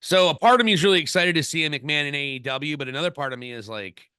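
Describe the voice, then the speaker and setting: A man's voice: fairly high pitch, fast, sharp tone, clear, resonant tone, no room sound, studio quality. A man co-hosting a wrestling podcast, talking casually in an opinionated, rambling way with many restarts. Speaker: podcast co-host.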